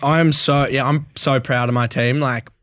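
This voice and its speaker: A man's voice: mid-range voice, little pitch movement, normal speed, fairly bright tone. Australian young man telling a raw story. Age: 20s. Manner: blunt and emotional, swears freely, laughs often. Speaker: guest. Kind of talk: candid podcast interview.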